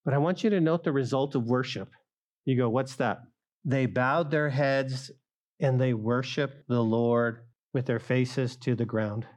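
A middle-aged male pastor preaching a sermon, speaking straight to the congregation and rising loud for emphasis. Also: medium pitch, fairly even intonation, unhurried. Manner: acts out quoted voices of listeners.

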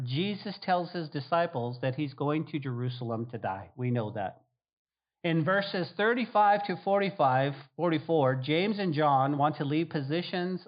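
A man's voice: mid-range voice, muffled recording. A man who is a pastor, preaching a sermon with repetition, rhetorical questions and acted-out quotes.

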